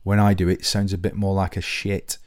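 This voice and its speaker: A man's voice: deep voice, little pitch movement, normal speed, darkish tone, no echo, clean studio sound. A man hosting a podcast, talking to listeners in a rambling, self-deprecating comic monologue full of restarts. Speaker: podcast host.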